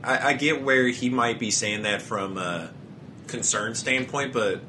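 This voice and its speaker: A man's voice: medium pitch, a little slow, pushed and bright, slight background noise. A young man co-hosting a podcast, rambling casually with frequent restarts and a lot of swearing. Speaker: podcast co-host.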